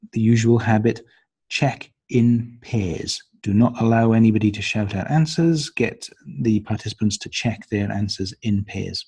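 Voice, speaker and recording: Slow, low-voiced man with a husky tone. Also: warm tone. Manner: hesitant, many ums and uhs. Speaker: teacher trainer. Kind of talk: instructional walkthrough of a lesson plan.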